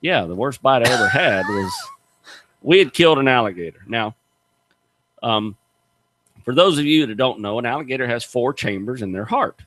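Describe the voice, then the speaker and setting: Middle-aged male radio host, animated folksy storyteller, very expressive pitch, dry close sound. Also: moderate pace, long pauses, no echo. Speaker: radio show host, gator hunter. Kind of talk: casual radio chat, storytelling.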